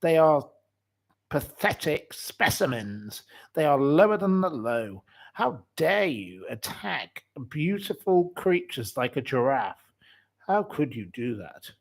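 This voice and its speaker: A man's voice: on the high side, sing-song, takes it slowly. A man in his forties hosting his channel, ranting indignantly and piling up one insult after another. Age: 40s. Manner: indignant, repetitive, heaps up insults. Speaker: channel host. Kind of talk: ranting livestream commentary.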